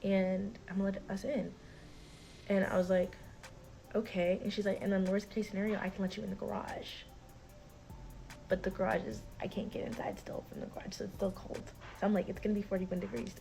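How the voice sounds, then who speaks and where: A woman's voice: medium pitch, a little fast, gravelly, soft background music, poor audio. A young woman telling a personal story in a casual vlog, acting out the people she quotes and saying "like" a lot. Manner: animated, acts out quoted voices, filler-heavy "like". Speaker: storyteller recounting a personal dispute.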